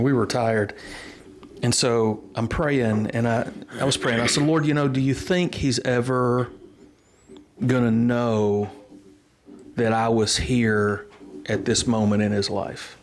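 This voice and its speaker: A middle-aged man, a pastor telling the story of his church in an unhurried, earnest way. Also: medium pitch, fairly even intonation. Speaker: pastor and interview guest. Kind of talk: storytelling in a casual interview.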